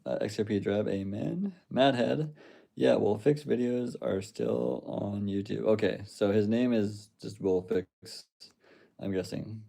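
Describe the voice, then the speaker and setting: A man's voice: fairly low pitch, unhurried, gravelly, warm tone. A young adult man hosting a casual livestream, reading chat aloud and rambling with loose swearing and laughs.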